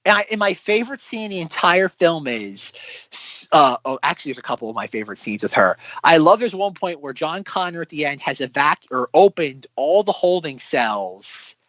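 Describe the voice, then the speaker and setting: A man co-hosting a film podcast in casual chat, animated and full of incredulous rhetorical questions. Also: a little high, normal speed, dry recording. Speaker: podcast co-host.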